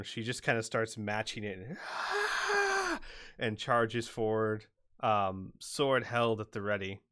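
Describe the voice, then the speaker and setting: A man's voice: on the low side, a bit bright, clean tone. A man narrating combat as game master, playful and often laughing between rulings.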